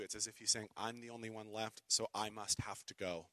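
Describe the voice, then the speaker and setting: Male pastor, sermon, bright forceful tone, slightly low pitch, dry close mic. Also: fairly even intonation, brisk, no room sound. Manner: dramatic reading of scripture, shifting from loud declaiming to hushed whisper; conversational, wry asides to the congregation.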